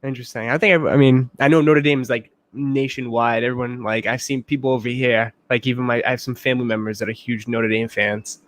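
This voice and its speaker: A man's voice: mid-range voice, steady tone, brisk, few pauses. A man hosting a casual livestream chat, joking around and often repeating himself. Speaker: host.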